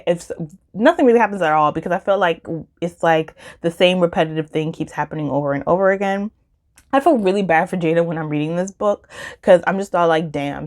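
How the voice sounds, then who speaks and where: A woman chatting casually about books she listened to, with lots of fillers and emphatic jumps in pitch. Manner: chatty and animated, many fillers like "like" and "um". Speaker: book vlogger. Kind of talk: casual book review chat.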